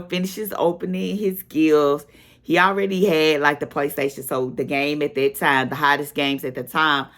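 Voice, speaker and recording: A middle-aged woman, telling a personal story in casual vlog chat and acting out what people said. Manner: animated storyteller, acts out quotes with a higher voice.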